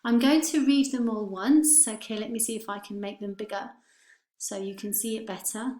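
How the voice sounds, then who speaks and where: A woman teaching English pronunciation, careful and clear, repeating words for her students. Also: mid-range voice, steady tone, moderate pace, dark tone. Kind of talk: online lesson. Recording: roomy echo.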